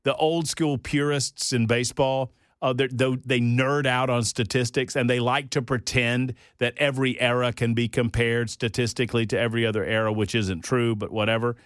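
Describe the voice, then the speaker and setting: A man hosting a talk radio show, folksy and jokey, his voice jumping up in loud disbelief. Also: mid-range voice, flat delivery, normal speed, clean tone, dry recording, clean studio sound. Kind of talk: casual studio banter. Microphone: studio microphone.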